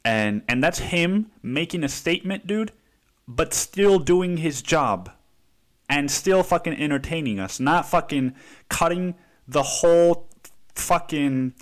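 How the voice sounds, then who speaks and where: A man's voice: a little high, lively intonation, slow pace. A man hosting his own podcast, ranting in a casual, profane, rambling way. He leans on "dude" constantly and restarts his sentences in exasperation. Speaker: podcast host. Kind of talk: casual solo podcast rant.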